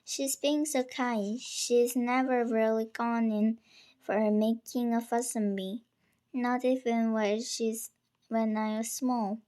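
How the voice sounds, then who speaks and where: A woman reads a first-person story aloud at a slow, careful pace. Her voice sits a little high, and she sometimes trips on a word and starts it again. The reading feels homemade rather than polished. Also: fairly even intonation, mellow. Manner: unpolished reading with small stumbles and restarts.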